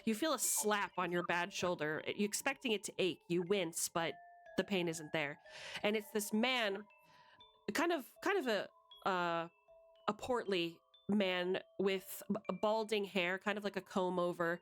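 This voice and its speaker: A woman running a tabletop game as game master, describing scenes with many fillers and pauses. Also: medium pitch, expressive, faint music behind.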